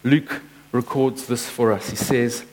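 A man preaching a sermon, telling stories and acting out quotes with lively energy. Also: mid-range voice, measured pace, low-quality recording. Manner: storytelling, animated with acted-out quotes. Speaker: pastor.

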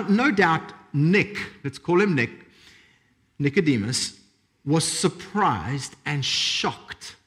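A man preaching a sermon as a pastor, emphatic and repetitive, with dramatic pauses. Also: sits high, a bit bright.

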